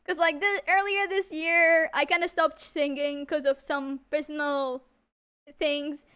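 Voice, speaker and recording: A woman's voice: high-pitched, little pitch movement, measured pace, fairly bright tone. A woman VTuber singer on a live stream, tearful and stammering. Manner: stammering, laughing, reading chat aloud. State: tearful, on the verge of crying. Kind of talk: emotional live-stream chat.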